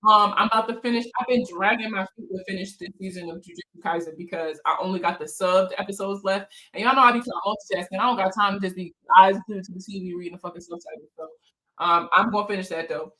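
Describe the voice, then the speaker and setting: A woman hosts a relaxed livestream chat in a bright, forceful voice. She talks in loose slang with plenty of swearing and laughs often. She reads out viewer comments and answers them. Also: medium pitch, fast talker, poor audio. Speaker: financial counselor hosting a live chat.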